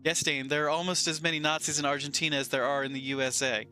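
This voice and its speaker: Bright-voiced Southern streamer man. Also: on the high side, flat delivery, fast, faint music behind. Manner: reads chat messages aloud, playful banter. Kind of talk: casual live-stream chat reading.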